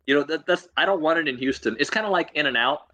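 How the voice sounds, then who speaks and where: A young adult man talking fast and loose as a co-host, with a bright, forceful voice. He jokes constantly and ribs rival fans in casual sports banter. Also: on the high side, lo-fi sound, slight background noise. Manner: joking, animated, mocks rival fans.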